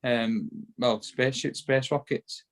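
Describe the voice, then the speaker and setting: A man with a Yorkshire accent, a bare-knuckle boxer appearing as a guest in a casual interview, talks at a medium pitch with fairly even intonation and a slightly slow pace. His speech rambles, with frequent repeated words and restarts.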